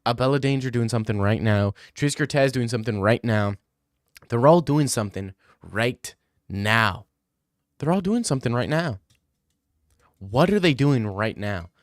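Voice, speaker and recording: A man's voice: medium pitch, expressive, moderate pace, no room sound, clean studio sound. Young man rambling casually on stream. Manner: loose, rambling and profane.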